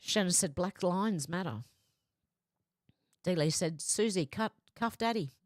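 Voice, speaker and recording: This woman's voice is fairly low and unhurried as she hosts a live stream, reading comments aloud flatly, adding asides, and casually replying to her viewers. It's a clean studio recording with no echo.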